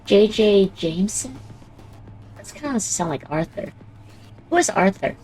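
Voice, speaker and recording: A woman's voice: mid-range voice, very animated, measured pace, darkish tone, faint music behind. A woman playing a game with a friend, chatting casually and giggling often. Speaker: co-op player. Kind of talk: casual gaming chat.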